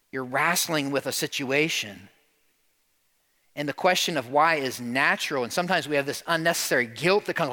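A man's voice: a little high, a bit bright, in a large hall. A male pastor preaching a sermon in a conversational way, often calling on the congregation to answer. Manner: conversational, calls on the congregation to respond.

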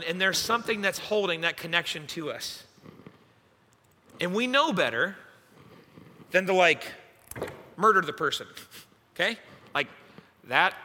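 Animated young youth pastor in a hall. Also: male voice, fairly high pitch. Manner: animated, self-mocking storyteller. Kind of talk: sermon storytelling. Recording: echoey hall reverb.

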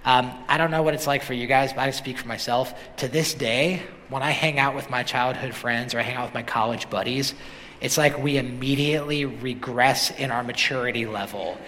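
A man preaching a sermon as pastor, animated and building to emphatic questions. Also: medium pitch, brisk, slight background noise. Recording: long hall reverb.

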